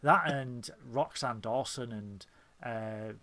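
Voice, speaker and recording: A man's voice: medium pitch, slow, bright, forceful tone. A man co-hosting a casual podcast, swearing freely and telling rambling stories. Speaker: podcast co-host.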